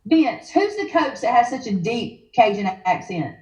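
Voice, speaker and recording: A woman's voice: on the high side, sing-song, measured pace, darkish tone, echoey room. A woman, chatting enthusiastically on a casual livestream and laughing easily. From Alabama. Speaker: guest.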